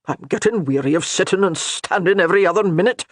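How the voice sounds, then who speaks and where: A woman voicing a grumbling, protective older male clan soldier with a gruff muttering manner. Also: on the low side, quick pace, lightly acted.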